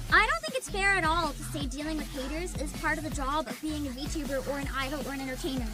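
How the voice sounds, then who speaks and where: A woman streamer in casual commentary, animated and laughing, with profane ranting. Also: sits high, fast talker, few pauses, music in the background. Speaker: VTuber streamer.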